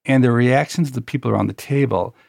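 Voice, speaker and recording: A man with a gravelly, creaky voice tells a personal anecdote with wry storytelling. His voice sits in the middle range and is recorded dry and close. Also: mid-range voice, quick pace, a little mellow, no room sound. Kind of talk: conversational storytelling.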